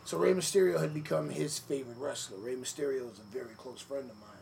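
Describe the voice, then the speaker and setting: Gravelly man telling a story. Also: medium pitch, fast talker. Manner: relaxed storyteller, many fillers, acts out quotes. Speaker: podcast guest, former wrestler. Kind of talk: storytelling in a sit-down interview. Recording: noisy room ambience.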